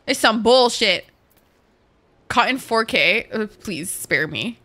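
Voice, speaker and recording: A woman streaming a game, chatting casually and profanely with her viewers and reacting quickly to chat. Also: fairly high pitch, lively intonation, pushed and bright. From Canada. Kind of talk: casual live-stream chat while gaming.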